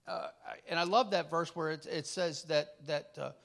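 A man's voice: fairly high pitch, moderate pace, vocal fry, a bit bright. Folksy middle-aged male preacher. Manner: folksy, chuckling storyteller with frequent restarts. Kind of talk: conversational sermon with personal stories.

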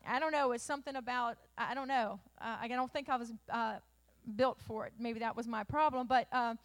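A woman pastor with a high voice delivers a sermon like she's telling stories to friends. She keeps it loose and homey with plenty of fillers, then builds to emphatic, punchy peaks. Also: fairly bright tone. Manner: folksy storytelling preacher, many fillers, building to emphatic peaks.

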